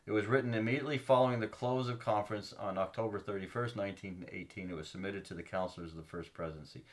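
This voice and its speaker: Man, podcast co-host, low voice, reads scripture, earnest explaining, hesitant ums. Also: steady tone. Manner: explains earnestly, pauses with ums to find passages. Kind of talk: casual religious discussion, reading scripture aloud.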